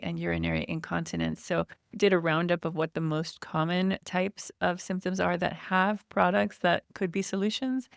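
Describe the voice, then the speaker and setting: A woman in her forties, lowish and creaky, speaks as a podcast guest who founded an online store. She explains things chattily with light laughs in a casual interview. The studio-quality recording is dry.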